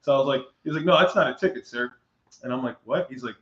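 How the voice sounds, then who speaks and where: Animated man telling a story in an echoey room. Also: mid-range voice, quick pace. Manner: animated, acts out quoted dialogue, laughs often. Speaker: guest. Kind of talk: casual storytelling chat. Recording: muffled echoey room recording.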